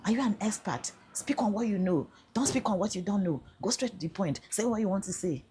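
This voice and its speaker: A woman's voice: medium pitch, animated, a little fast, mellow, husky, voice pushed up. A Nigerian woman voicing a stern, dismissive male police officer in a scolding, bossy tone.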